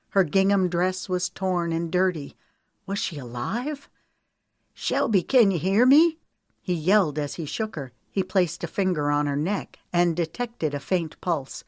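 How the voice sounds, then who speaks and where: Woman audiobook narrator, low register, measured, very dry booth sound. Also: no echo.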